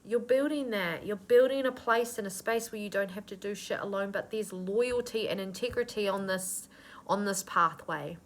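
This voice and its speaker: A woman's voice: mid-range voice, moderate pace. A woman giving a channeled spiritual reading, earnest and nurturing, with casual swearing mixed into her affirmations. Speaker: intuitive reader.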